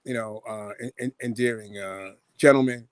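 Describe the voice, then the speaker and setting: A man's voice: on the low side, steady tone, moderate pace. Enthusiastic man over a noisy line. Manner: enthusiastic, stammers on restarts. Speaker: guest musician. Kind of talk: casual chat.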